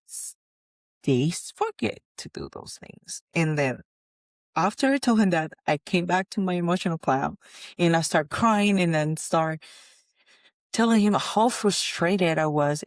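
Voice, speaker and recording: Slow, low-voiced mother sharing her story. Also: no room sound, studio quality. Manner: candid, emotional retelling with many restarts. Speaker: vlogger, mother. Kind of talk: personal storytelling to camera.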